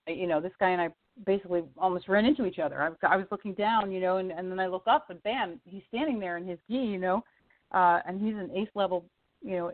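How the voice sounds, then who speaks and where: A woman, a singer-songwriter guest, telling a personal story in lively casual chat, leaping up in pitch for quoted voices and laughing often. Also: no room sound. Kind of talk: casual storytelling on a radio interview. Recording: tinny phone line, dry.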